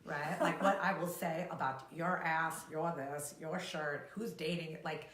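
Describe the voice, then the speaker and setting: A woman coach talking casually on a live stream, animated and laughing as she acts out her own inner voice. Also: sits low, unhurried, echoey room, a little hiss or hum. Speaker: co-founder and life coach.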